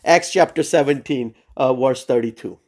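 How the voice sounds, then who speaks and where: A man leading a Bible study over a video call, preaching urgently with many pauses and fillers. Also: mid-range voice, darkish tone. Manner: earnest and urgent, frequent "uh" and "right?" fillers. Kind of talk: sermon-style Bible teaching. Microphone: Zoom call.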